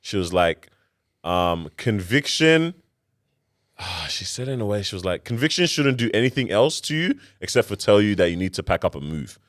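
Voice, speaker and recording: Dude on a podcast, slangy, voice swings up and down a lot, chill chat. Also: male voice, on the low side, normal speed. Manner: animated, slangy, laughs often. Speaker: podcast co-host. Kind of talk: casual chat.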